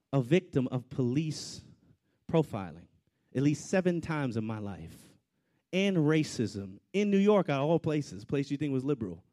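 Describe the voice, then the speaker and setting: A man preaching a storytelling sermon, swinging between loud outbursts and hushed asides. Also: on the high side.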